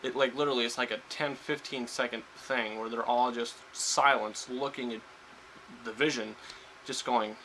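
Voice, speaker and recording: A man's voice: mid-range voice, fairly even intonation, normal speed, bright, forceful tone, a little hiss or hum, rough recording. A man giving a casual spoiler review of a film, rambling with lots of fillers and restarts. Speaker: movie reviewer.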